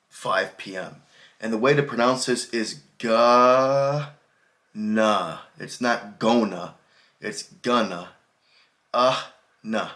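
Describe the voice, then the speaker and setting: An American man teaches English in a relaxed video lesson, talking the viewer through everyday speech with plenty of spoken examples. His voice sits at an ordinary middle pitch, and his delivery stays easygoing and conversational.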